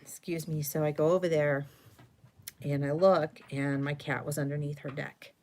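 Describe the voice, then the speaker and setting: During her craft live stream, a middle-aged host rambles through a long story, chatty and peppered with fillers and self-corrections. She speaks at normal speed in a low-pitched, level, darkish voice.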